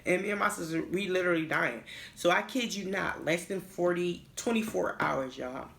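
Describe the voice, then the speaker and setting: Gravelly woman telling a juicy story. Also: fairly low pitch, moderate pace, reverberant. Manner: animated, swears freely, acts out the people she quotes. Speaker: vlogger telling a personal story. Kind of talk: casual storytime.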